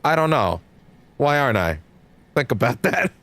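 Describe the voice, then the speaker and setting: A man's voice: mid-range voice, very animated, moderate pace, fairly bright tone. A young man giving casual, rambling commentary while streaming a game, swearing offhandedly.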